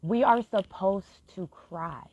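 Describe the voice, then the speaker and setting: A woman gives heartfelt, earnest encouragement on a live stream, cursing openly as she urges her audience. She speaks slowly in a mid-range, darkish voice, and the lo-fi recording is dull and dry with no room sound.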